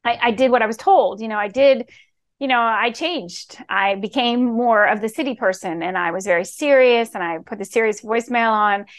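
A middle-aged woman from Key West, a real estate executive telling stories in a bubbly, animated way as a podcast guest. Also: fairly high pitch, moderate pace. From Key West, Florida. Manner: bubbly, animated, acts out quoted voices. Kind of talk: casual storytelling interview.

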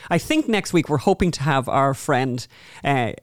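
A woman hosting a podcast in casual chat, telling stories in an animated, rambling way full of restarts. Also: a bass voice, moderate pace, no room sound, studio quality. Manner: chatty, restarts a lot, animated storytelling. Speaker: podcast host.

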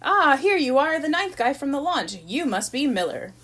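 A woman reading the part of a friendly young male swimming coach, brisk and upbeat. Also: high-pitched, big pitch swings, a bit bright, voice pushed up.

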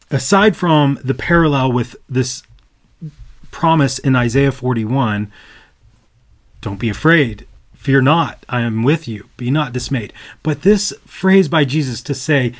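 Earnest man teaching Scripture. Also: a little high. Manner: earnest, builds to emphatic bursts. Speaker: podcast co-host. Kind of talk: casual Bible study talk.

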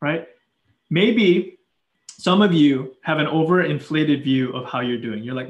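A man's voice: fairly high pitch, normal speed, echoey room, dull audio. A man preaching a sermon in a casual, conversational way, full of fillers and restarts.

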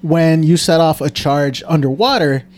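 Higher-voiced man rambling through an explanation. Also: moderate pace, a little mellow. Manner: rambling, hesitant, swearing. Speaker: podcast co-host. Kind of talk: casual chat.

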